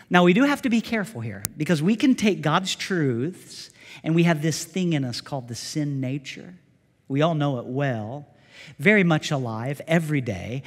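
A male pastor delivers a sermon, speaking directly to his congregation and putting questions to them. His voice sits high for a man. The recording carries the long reverb of a church sanctuary. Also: fairly bright tone.

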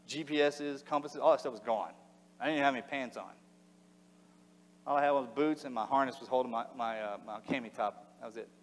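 A middle-aged man telling a war story to an audience in a plain, halting way, his voice sinking low and quiet at the hardest parts. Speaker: speaker giving a talk. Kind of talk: recounting a combat story to an audience. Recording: long hall reverb.

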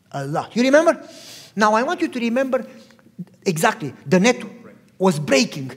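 Husky male pastor preaching in a reverberant hall. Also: sits high. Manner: animated storyteller, asks the audience questions. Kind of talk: sermon.

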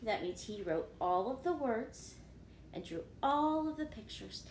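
A woman teacher reading a picture book aloud to children, animated and often asking them questions. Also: on the high side, unhurried, slight background noise. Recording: echoey room.

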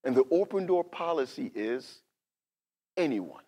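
A pastor in his fifties delivering a sermon in a slightly raised, conversational voice. He drops to near whispers, then climbs to loud, fervent emphasis, and often restarts his sentences as he speaks. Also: a little high, normal speed. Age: 50s. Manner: conversational preaching, swinging from hushed to loud and emphatic.

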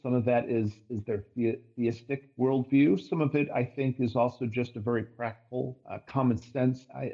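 A man co-hosting a talk show, thinking aloud in a relaxed discussion with frequent restarts. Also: medium pitch, breathy edge, dull audio. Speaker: podcast co-host. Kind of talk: casual discussion.

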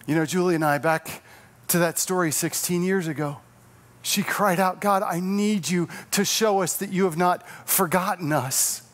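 High-voiced earnest preaching man. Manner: earnest, slowing and softening for emphasis. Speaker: pastor. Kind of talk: sermon.

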